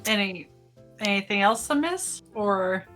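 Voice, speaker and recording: A woman's voice: medium pitch, lively intonation, a little slow, a bit bright, soft background music. A woman in casual chat as a tabletop game player, playful and protesting.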